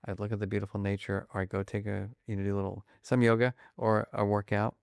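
A man being interviewed about his research, talking quickly and acting out little scenes as examples. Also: fairly low pitch, gravelly, clear, resonant tone, no room sound, studio quality. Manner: animated, fast-talking, acts out examples. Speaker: guest, emotion researcher. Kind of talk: conversational interview.

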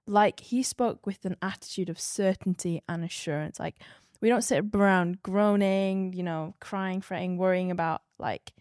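A woman sharing earnest, reflective thoughts in a casual devotional discussion, often drifting softer. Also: fairly low pitch, moderate pace, no room sound, clean studio sound. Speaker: Bible discussion participant.

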